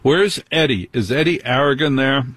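Host: medium-pitched, slightly husky man, casual and teasing with callers. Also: fairly bright tone, no echo. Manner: chatty, teasing, quick to interrupt. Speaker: radio host. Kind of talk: late-night call-in radio.

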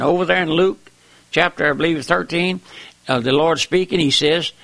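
A high-pitched preacher with a gravelly edge and a bright, tense tone. He talks in a folksy, plain-spoken way, keeps repeating "my friend," and climbs to emphatic high peaks as he preaches. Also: normal speed. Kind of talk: sermon.

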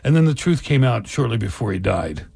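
Male radio co-host, husky voice, lively storyteller, dry studio mic. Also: mid-range voice, brisk, no room sound. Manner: wry, storytelling, banters with callers. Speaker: radio talk show co-host. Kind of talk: call-in radio chat. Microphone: studio microphone.

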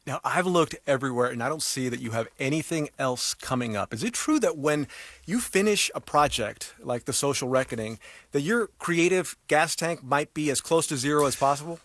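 A man hosting a radio interview, asking measured, conversational questions. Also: a little high, expressive, a bit bright, dry recording.

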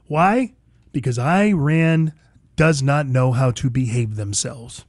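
A man's voice: mid-range voice, expressive, a little slow, a little mellow, no room sound, studio quality. A man hosting a talk radio show, delivering an emphatic, opinionated monologue full of repetition.

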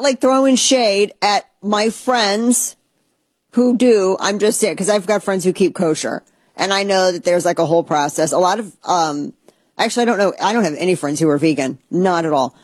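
Chatty woman host with a drawl, husky and dry close sound. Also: medium pitch, no echo. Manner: chatty, rambling, animated asides. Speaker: show host. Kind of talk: casual opinion talk.

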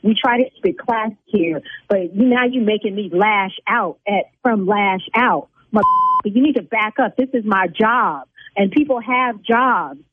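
A woman who owns a beauty salon, arguing with a caller over the phone, indignant and blunt and quick to flare up. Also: medium pitch, breathy edge, no echo. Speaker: salon owner on a phone call. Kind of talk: heated phone argument. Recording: tinny phone line.

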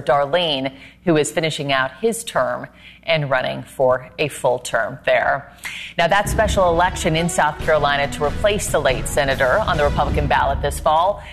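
A woman anchoring a news program, with brisk, conversational handoffs to reporters and guests. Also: low-pitched.

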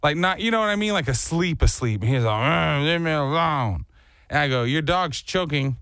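Man, morning show co-host, animated storyteller, slightly high voice, dry close mic. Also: quick pace, no echo. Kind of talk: casual chat.

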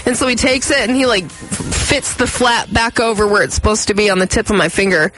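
A woman telling a story in casual chat, lively and acting out what people said. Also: on the high side, fairly quick, faint music behind. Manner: animated storyteller acting out quotes.

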